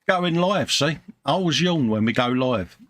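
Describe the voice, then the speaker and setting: Animated and moderately paced, a man from the UK speaks in a mid-range, somewhat bright voice. As co-host of a live model-building stream, he cheerfully reads chat messages and calls everyone mate.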